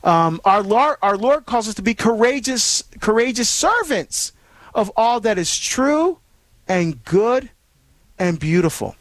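A man's voice: high voice, very animated, unhurried, no room sound. A man hosting a call-in radio show, preaching earnestly and rambling with many fillers and restarts.

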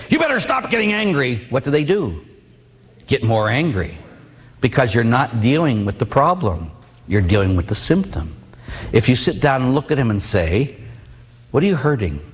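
The sermon comes from a middle-aged Catholic priest whose medium-pitched voice is slightly rough. Personal anecdotes and rhetorical questions to the congregation shape his preaching, heard with a long hall reverb.

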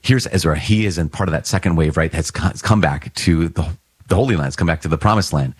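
A man's voice: deep voice, quick pace, husky, dry recording. A priest giving an earnest, conversational Bible reflection, explaining the reading like a teacher and often checking in with his listeners.

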